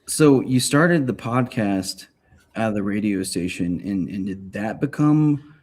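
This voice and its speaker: A man hosting a podcast who asks his questions in a halting, searching way, with many restarts. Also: on the low side, lively intonation, darkish tone. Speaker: podcast host. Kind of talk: casual interview chat.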